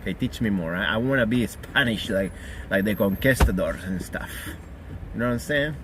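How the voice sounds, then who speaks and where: A man's voice: fairly low pitch, animated, moderate pace, a bit bright, slight background noise. A man streaming, joking around casually and swearing freely while he practices phrases.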